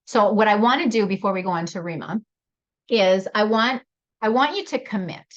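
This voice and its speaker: A woman leads a live leadership workshop in an animated, personal way. She laughs often and turns to attendees by name. Her voice sits at a middling pitch, and the audio is slightly dull and lo-fi, like an online call. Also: moderate pace.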